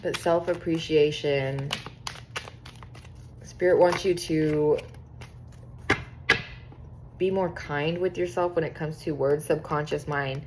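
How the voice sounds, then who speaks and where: A young woman giving a casual tarot reading to her viewers, chatty and excitable, swearing freely and reading card texts aloud. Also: low voice, slow pace, long pauses, background noise. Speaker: tarot reader.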